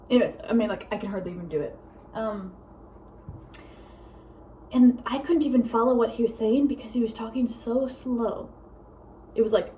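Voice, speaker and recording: A young woman vlogging casually at home, a self-described fast talker who rambles with many fillers. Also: fairly high pitch, dark tone, a little hiss or hum, poor audio. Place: home with a meowing cat.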